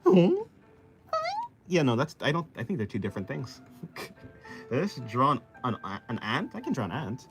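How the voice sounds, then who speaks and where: A man's voice: big pitch swings, fairly quick, over music. Casual art streamer, a man from the US East Coast, playful and goofy with swooping intonation. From East Coast of the United States. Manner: playful and jokey, slips into silly squeaky voices. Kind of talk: casual chat with livestream viewers while drawing.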